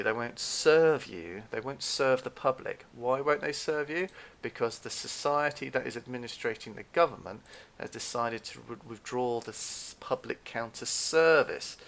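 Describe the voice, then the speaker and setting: A man telling a story in a casual, animated rant, repeating himself and acting out what people said. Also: mid-range voice, gravelly. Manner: animated, repeats himself, acts out quoted dialogue.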